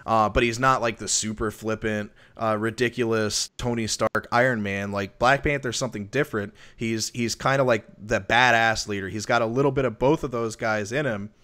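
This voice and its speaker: A man's voice: on the low side, normal speed, hardly any pauses. Chatty, rambling male podcast host. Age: adult with a wife and kids. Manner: rambling, lots of restarts and fillers; animated when retelling stories. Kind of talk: casual movie review chat.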